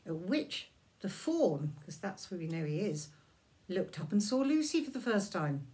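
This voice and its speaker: A woman reading a children's story aloud, in a gentle, drawn-out and expressive manner. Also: mid-range voice.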